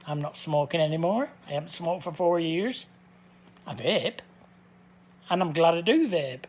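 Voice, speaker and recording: An older man talking straight to camera in a casual, plain-spoken way, with a voice pitched a little on the high side for a man. He is blunt and keeps circling back to the same points. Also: lively intonation, measured pace, darkish tone. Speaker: vlogger.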